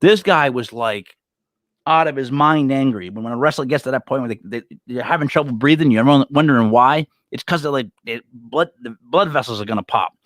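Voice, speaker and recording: A man co-hosting a casual wrestling podcast, excitable and stumbling over his words. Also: medium pitch, a little fast, dry recording, studio quality. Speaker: podcast co-host.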